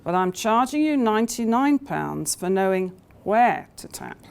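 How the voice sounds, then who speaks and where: A woman's voice: medium pitch, sing-song, unhurried, creaky, a little mellow, smooth. A woman voicing a shrewd old-time plumber. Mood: wry. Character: shrewd working-class male plumber, wry.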